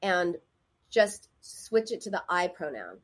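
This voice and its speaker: A woman's voice: lowish voice, very animated, slow pace. A woman therapist giving advice in a casual, conversational way, often acting out the voices of people she quotes.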